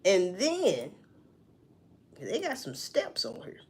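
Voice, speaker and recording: Animated, foul-mouthed woman vlogger. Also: medium pitch, slow, breathy edge. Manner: profane, animated, talks back to herself. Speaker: vlogger reacting to news. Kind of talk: casual news commentary.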